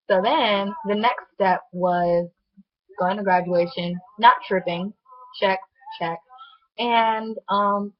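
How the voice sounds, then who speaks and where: A young woman telling a personal story to camera in a chatty, animated way, full of "like" fillers. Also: medium pitch. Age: young adult. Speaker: vlogger. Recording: dull lo-fi sound.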